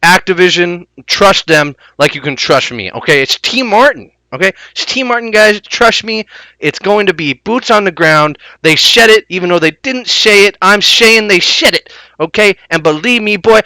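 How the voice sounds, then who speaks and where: A man's voice: sits high, expressive, normal speed, bright, forceful tone, no echo, full character voice, low-quality recording. A man putting on a boastful, shady male gaming vlogger with a lisp, swaggering and rambling as a parody impression. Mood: cocky. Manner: swaggering, repeats his own name, hyped and rambling.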